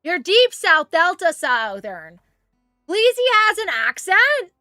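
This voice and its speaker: A chatty, excitable woman streamer with a high, bright voice. Her pitch leaps around freely as she reads chat aloud. The sound is dry and close. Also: slow, dry recording, soft background music. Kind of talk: casual chat while gaming.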